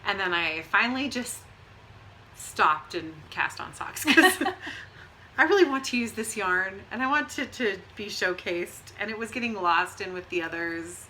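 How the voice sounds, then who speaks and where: A woman's voice: mid-range voice, lively intonation, measured pace, sharp tone, slight background noise, low-quality recording. A middle-aged woman co-hosting a knitting podcast, chatting casually with rambling asides and frequent laughs. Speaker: podcast co-host.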